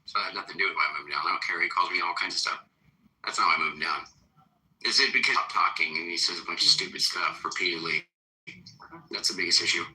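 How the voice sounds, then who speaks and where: A man's voice: low-pitched, fast talker, bright, forceful tone, poor audio. A man moderating a casual group voice chat, talking over others and defending himself.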